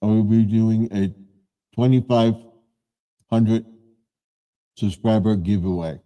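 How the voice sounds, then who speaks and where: A man's voice: lowish voice, steady tone, slow pace, warm tone. A man in his seventies hosting a live stream, chatting casually in a rambling way and often correcting himself.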